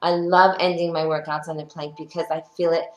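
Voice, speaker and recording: A woman's voice: sits low, level tone, fairly quick. A woman leading a home workout as a fitness instructor, upbeat and encouraging, chatting and telling stories between cues. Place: her workout studio, indoors. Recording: echoey room with faint music.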